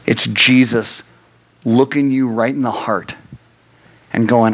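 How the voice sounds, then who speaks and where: A man preaching a youth sermon in an earnest way, swinging between raised urgency and hushed, close delivery and repeating phrases for emphasis. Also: mid-range voice, fairly even intonation, moderate pace. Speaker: youth pastor.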